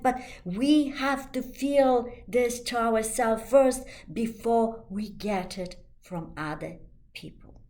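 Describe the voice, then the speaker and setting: A woman life coach giving a motivational talk, slow and emphatic, soothing and repetitive, with slightly non-native English phrasing. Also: a little high, darkish tone.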